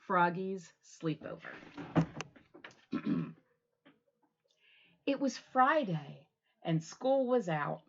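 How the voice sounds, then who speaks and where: A woman reading a children's storytime from her home, playful and animated with the kids. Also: on the low side, very slow, creaky, pauses often, highs cut off. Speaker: library storytime reader.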